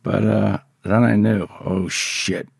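A man's voice: on the low side, fairly even intonation, takes it slowly, creaky, breathy edge, no echo, clean studio sound. A man telling a story from his past in casual, profane speech, often acting out the voices of the people in it. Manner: profane, vivid, acts out quoted voices.

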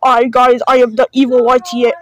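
High-voiced woman, mock-panicked and sarcastic. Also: monotone, fairly quick, dull audio. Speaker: video creator reacting to videos. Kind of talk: casual reaction commentary.

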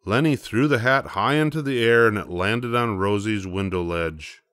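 An older man reads a children's picture book aloud in a slow, gentle, measured way. His voice sits very low. The sound is dry and close. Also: no echo. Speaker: storybook reader. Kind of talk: bedtime story read-aloud.

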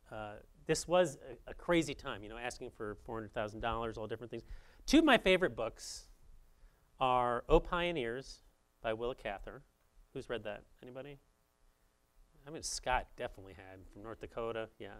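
A man in his fifties from Saint Paul tells his own story to an audience. His voice sits at an ordinary middle pitch and stays conversational. He leans hard into some phrases, then drops almost to a murmur. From Saint Paul, Minnesota, US. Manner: conversational, swinging between emphatic and quiet. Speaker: speaker at a journalism institute. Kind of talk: personal storytelling talk to an audience.

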